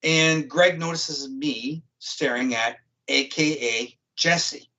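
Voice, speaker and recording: Taking it slowly in a medium-pitched, bright, forceful voice, a man retells a story vividly on a talk show. He's a guest and psychic criminal profiler speaking casually, bluntly and profanely, and the stream audio is dull and lo-fi.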